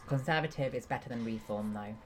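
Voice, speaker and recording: Streaming a game, a woman playfully reads her chat and answers viewers in a casual back-and-forth. Her voice is a low rumble, and she talks fairly quickly.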